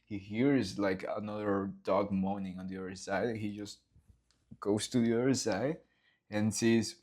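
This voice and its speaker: Explaining his storyboards in a relaxed behind-the-scenes vlog, the animator speaks at a fairly low pitch and an unhurried pace. He's lively and enthusiastic, performing scenes with sound effects and swear words.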